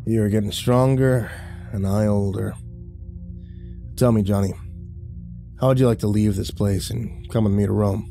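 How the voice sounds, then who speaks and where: A man voicing a stern, aging male priest mentor with a gravelly voice, low and commanding. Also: steady tone, normal speed, pauses often, warm tone, faint music behind. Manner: stern, commanding, dry chuckle.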